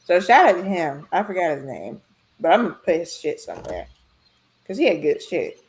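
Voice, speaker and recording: A woman with a lower-than-usual voice, chatting with friends on a sports podcast. She is outspoken and teasing, jumping in quickly with opinions and jokes. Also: very animated, a little hiss or hum. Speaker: podcast co-host. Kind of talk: casual sports chat.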